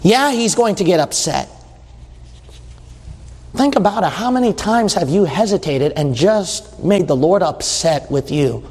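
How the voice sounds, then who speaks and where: A man's voice: sits high, animated, unhurried, a little mellow, slightly rough, in a large hall. A man preaching a sermon, reading scripture aloud and asking his listeners questions in a conversational way.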